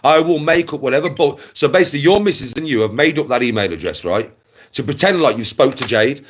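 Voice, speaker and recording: A young man ranting straight at his livestream audience. His pitch sits in the middle but swings widely as he hammers the same insults again and again. The talk is rough, aggressive and full of swearing. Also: expressive, quick pace, slight background noise. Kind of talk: angry rant to camera.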